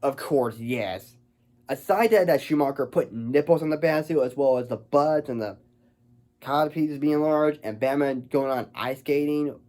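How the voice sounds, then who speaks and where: A man's voice: medium pitch, a little slow, darkish tone. Rambling man reviewing a film. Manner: rambling, stumbles over words.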